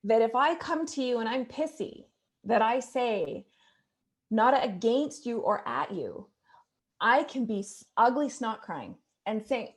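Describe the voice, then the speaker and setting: A woman in her forties speaks as a guest relationship specialist, lively and expressive, often slipping into little acted-out inner voices. Her voice sits a bit high for a woman. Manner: expressive, animated, quick to act out inner dialogue. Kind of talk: casual interview chat.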